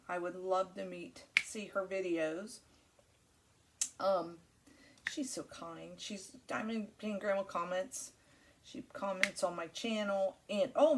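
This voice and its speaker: A woman's voice: mid-range voice, background noise. A woman hosting her crafting channel, chatting casually while she works, rambling and friendly with many fillers.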